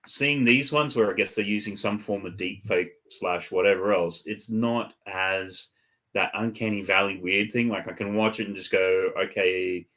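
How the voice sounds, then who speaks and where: A man on a casual live-stream chat, talking in a measured, explanatory way. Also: lowish voice, steady tone, fairly bright tone.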